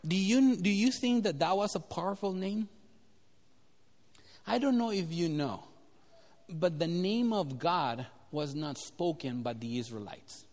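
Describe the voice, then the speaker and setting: A man's voice: sits high, measured pace. A man preaching a sermon, telling a Bible story and quizzing his listeners. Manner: animated, asks the audience questions. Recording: echoey hall.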